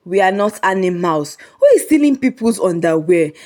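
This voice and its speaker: A woman's voice: on the low side, expressive, moderate pace, a little mellow, lightly acted. A woman voicing a stout older landlord who thunders indignantly.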